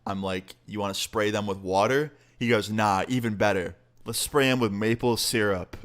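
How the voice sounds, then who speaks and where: A young man casually telling a storytime to his viewers, swearing often and acting out the people in it. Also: normal speed. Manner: profane, animated, quotes people with pitch jumps. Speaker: storytime vlogger.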